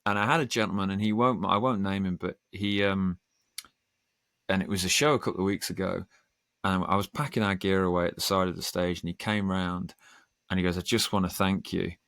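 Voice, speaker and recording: A man's voice: sits low, steady tone, vocal fry, fairly bright tone, no room sound, clean studio sound. A man, a podcast guest telling earnest stories in casual conversation. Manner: earnest, storytelling, quick bursts. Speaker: podcast guest, band singer.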